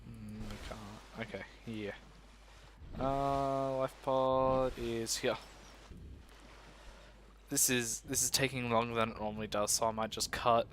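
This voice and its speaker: This gaming video host, a young man, plays a survival game while rambling, joking at himself, and chatting with viewers. His mid-range voice is steady and fairly bright, slow with frequent pauses, and there's a little hiss or hum.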